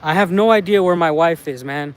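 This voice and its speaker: A man from the United States chats casually on a live stream while out in a small town, his fairly high voice moving fairly quickly over slight background noise. He rambles and often ends phrases with "man".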